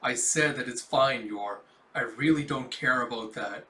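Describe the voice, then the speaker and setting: A man reading out a poised older society woman who speaks calmly and firmly. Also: fairly high pitch, moderate pace, echoey room.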